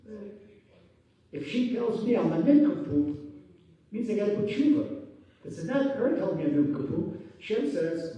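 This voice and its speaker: Rabbi guy w telling stories in his sermon, acts out the voices, booming echo, mic kinda far. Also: a little fast. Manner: animated storytelling, acting out quotes, sudden loud bursts. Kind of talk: Torah class sermon. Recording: echoey hall from far off.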